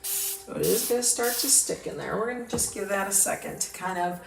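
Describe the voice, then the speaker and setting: Craft host: woman with the hiccups, enthusiastic, gravelly lower voice, recorded off-mic in a roomy space. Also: lively intonation, fairly quick, recorded from a distance. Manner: chatty, enthusiastic, talks to viewers while working. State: has the hiccups. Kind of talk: casual crafting demo. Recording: roomy, off-mic, with clear background noise.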